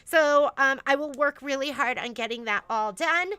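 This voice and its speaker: A woman's voice: sits high, moderate pace, pushed and bright, dry recording. A woman hosting a casual store livestream, chatting in a rambling way with lots of fillers and restarts.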